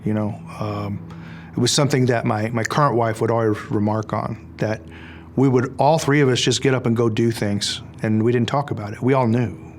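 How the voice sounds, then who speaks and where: A man's voice: mid-range voice, fairly even intonation, normal speed, darkish tone, slight background noise. A middle-aged man being interviewed, speaking earnestly and emphatically with frequent restarts. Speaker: interview guest.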